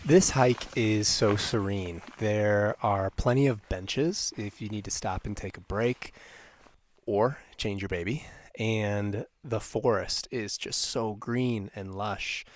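A man's voice: fairly low pitch, slow pace. A man narrating a hiking vlog outdoors on a forest mountain trail, upbeat and descriptive, pointing out the sights as he walks. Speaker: travel vlogger.

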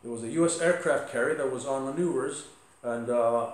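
A man's voice: medium pitch, fairly quick. Man preaching in an echoey church. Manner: conversational preaching with asides and humor. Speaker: pastor. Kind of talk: sermon. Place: church sanctuary.

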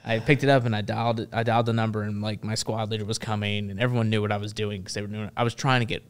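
A man's voice: on the low side, flat delivery, very fast, smooth. A man in his thirties, a guest on a podcast, telling war stories casually with lots of fillers and restarts. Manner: rambling, heavy on fillers like "like" and "uh". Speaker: guest, Marine veteran. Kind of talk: casual storytelling in conversation.

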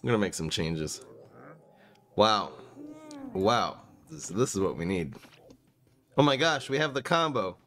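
Lively low-voiced man calling a card game. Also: measured pace, pauses often, a little hiss or hum. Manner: excitable, prone to sudden exclamations. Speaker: gaming YouTuber. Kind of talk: casual gameplay commentary.

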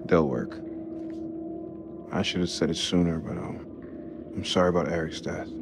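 An actor playing a practical, steady soldier who briefs in matter-of-fact military jargon. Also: male voice, deep voice, normal speed, background noise. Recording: game dialogue over loud score.

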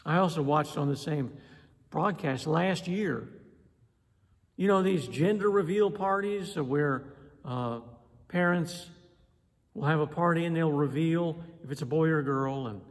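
A man preaching a sermon in an animated way, acting out voices and pausing for emphasis. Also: fairly high pitch. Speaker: pastor. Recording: long hall reverb.

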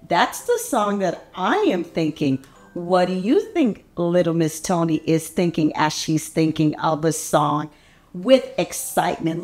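A woman from Africa reading a picture book aloud to young children, animated and playful, stopping to ask them questions. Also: lowish voice, unhurried, soft background music. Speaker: children's story reader. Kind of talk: read-aloud storytime for children.

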